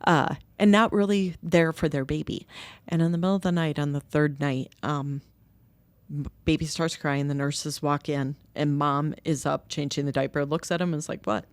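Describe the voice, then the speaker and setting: A middle-aged woman telling stories in conversation, candid and lively, acting out what others said. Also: low-pitched, moderate pace, no echo. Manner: candid, animated quoting of others. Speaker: guest, nonprofit co-founder. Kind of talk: conversational storytelling. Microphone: podcast microphone.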